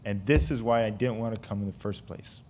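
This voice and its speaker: A man's voice: on the low side, fairly quick, a little mellow, close to an everyday voice. Pastor doing an angry male prophet, bitter, self-pitying, sermon retelling. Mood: resentful. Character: resentful, angry male prophet complaining to God.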